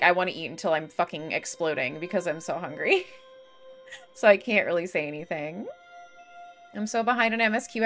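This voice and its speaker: A woman's voice: mid-range voice, a bit bright. A young woman streaming a game, chatting casually with viewers; talkative, swearing freely, full of fillers and laughter. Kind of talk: casual live-stream chat. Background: faint game music.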